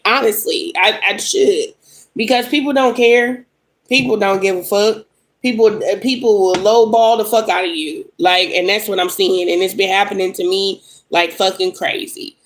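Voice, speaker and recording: A young woman's medium-pitched voice holds a steady tone at a moderate pace on a rough recording. She reads tarot on a casual livestream and, upset and angry, vents bluntly at commenters with plenty of swearing.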